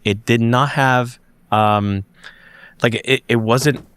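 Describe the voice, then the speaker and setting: A man's voice: mid-range voice, fairly even intonation, takes it slowly, fairly bright tone, clear, resonant tone. A man, a podcast guest and investigator, recounting a strange sighting in an emphatic way, often restarting and searching for words.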